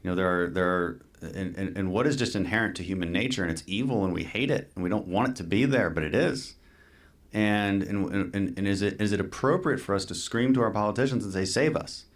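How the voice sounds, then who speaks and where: A man speaking as a politician guest in an earnest conversation, halting and repeating words as he thinks. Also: deep voice.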